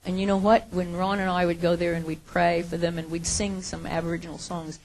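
A woman preaching a sermon, earnest, moving from hushed, quiet lines to emphatic ones. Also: on the low side, little pitch movement, fairly quick, vocal fry.

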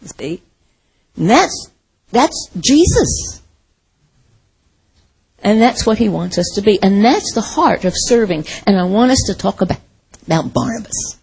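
A middle-aged American woman from the Midwest preaching a sermon in a conversational, animated way, often laughing and acting out quotes. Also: mid-range voice, a little slow, creaky, long pauses, husky, rough recording.

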